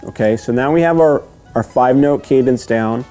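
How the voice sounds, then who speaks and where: A man's voice: medium pitch, mellow, faint music behind. Man patiently teaching a how-to lesson. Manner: patient, repeats steps, checks in with "okay?"; counts out rhythms slowly and sings the cadence. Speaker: duck calling instructor. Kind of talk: step-by-step instruction.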